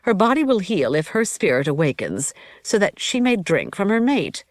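A woman voicing a calm, wise immortal woman with a soothing, formal way of speaking. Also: mid-range voice, moderate pace, dry recording, clean studio sound, voice pushed up, lightly acted. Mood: serene.

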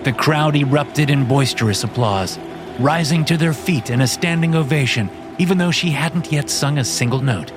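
A man giving scripted audiobook narration in a measured storytelling manner. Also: fairly high pitch. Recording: narration with music bed. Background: music.

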